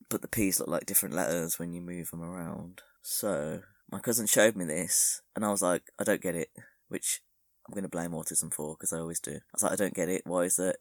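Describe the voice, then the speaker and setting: A man's voice: sits low, no echo, clean studio sound. A young man hosting a solo podcast, rambling with crude, self-mocking humour. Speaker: podcast host.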